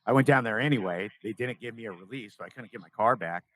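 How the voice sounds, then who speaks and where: A man's voice: fairly low pitch, fast talker, a bit bright, low-quality recording. A young man from California, a podcast guest, telling a story in casual interview talk and acting out the dialogue.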